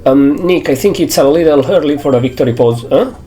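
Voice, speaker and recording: A man's voice: on the high side, brisk, mellow, soft background music, pitched above the performer's own voice, natural voice. A man reading lines for a cheerful young female assistant in a video game, teasing.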